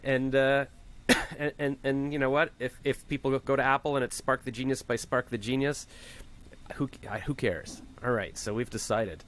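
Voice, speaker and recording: A man's voice: mid-range voice, fairly even intonation, normal speed, a bit bright. A man hosting a podcast, chatting casually and telling rambling, joking stories. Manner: rambling, jokey storyteller. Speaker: podcast host. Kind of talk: casual chat.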